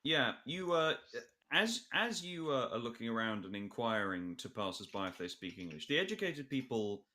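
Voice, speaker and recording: Bright-voiced man running a tabletop game. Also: medium pitch, very animated, moderate pace, few pauses. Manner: hesitant, many fillers, chuckling asides. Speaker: game master.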